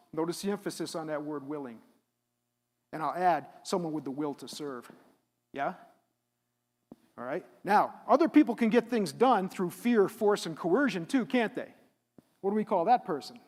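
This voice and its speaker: A middle-aged man giving a live motivational keynote at a conference, animated and asking the audience questions. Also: high-pitched. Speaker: keynote speaker. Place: conference hall. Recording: reverberant hall.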